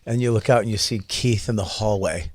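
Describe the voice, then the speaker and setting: Man swapping animated comedy stories. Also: lowish voice, brisk. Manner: animated, acts out other people's lines. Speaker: comedian co-host. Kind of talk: casual storytelling chat.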